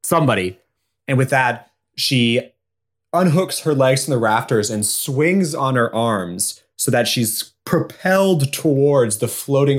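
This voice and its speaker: A man narrating his player character's actions in a tabletop game, quick and stumbling. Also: medium pitch.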